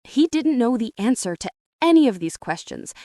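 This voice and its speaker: A woman narrating a children's storybook in a lively, expressive way. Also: a little high, normal speed, dry recording, clean studio sound. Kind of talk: storybook reading.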